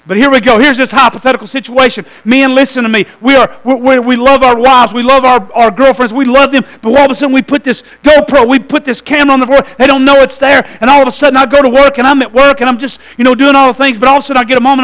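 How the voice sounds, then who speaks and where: High-voiced preacher man, humming line. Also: fast, rough recording. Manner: animated storytelling preacher, calls out to the congregation. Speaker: pastor. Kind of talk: sermon. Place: church.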